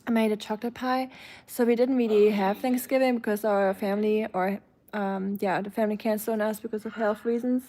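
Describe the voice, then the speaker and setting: A woman's voice: mid-range voice, fairly even intonation, brisk, dark tone, a little hiss or hum. A woman from Germany with a German accent, chatting casually on a live stream and answering her chat's comments.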